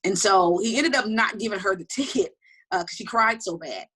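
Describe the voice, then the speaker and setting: A middle-aged woman telling personal stories in an interview, talking quickly and animatedly with many restarts. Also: medium pitch, slightly rough. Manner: fast, animated storytelling with frequent restarts. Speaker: interview guest. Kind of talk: candid personal storytelling.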